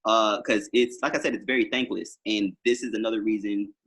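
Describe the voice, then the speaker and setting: A man's voice: lowish voice, steady tone, fairly quick, fairly bright tone, breathy edge. A man talking as a musician guest on a podcast, telling long rambling stories full of fillers in casual conversation. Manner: rambling storytelling with many fillers.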